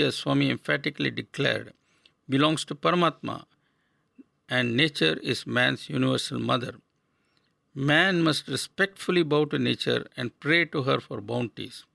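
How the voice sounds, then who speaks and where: An older man from India giving a scripted spiritual radio talk in a measured, earnest way, asking rhetorical questions. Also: medium pitch, creaky, pushed and bright, no room sound. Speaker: radio speaker.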